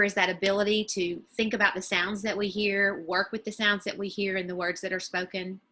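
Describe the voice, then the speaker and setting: A woman teacher talks parents through an online lesson, explaining each idea step by step and slowing right down on the example words. Her voice is bright and clear at a middle pitch, picked up by a computer mic. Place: home or office, screen-shared video.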